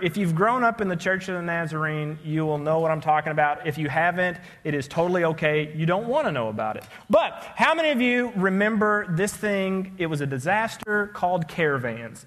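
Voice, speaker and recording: A man with a high-pitched voice preaching a sermon in a church. He talks in an easy, joking way and keeps checking in with his listeners. His voice rings out with a long reverb through the large hall. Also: fairly bright tone. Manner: conversational and joking, keeps asking "okay?". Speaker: pastor. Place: church sanctuary.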